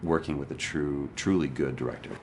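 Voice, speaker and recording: Deep-voiced man telling a candid story. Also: steady tone, brisk, darkish tone, slight background noise. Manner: earnest, emotionally frank, wry. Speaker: actor interviewed about a role. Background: music.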